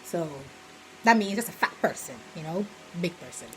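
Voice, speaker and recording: Fairly low-voiced and speaking at a moderate pace, a young woman with a Bahamian accent chats rambling in a vlog, full of "you know" and lively quoted examples. The audio is poor, with slight background noise.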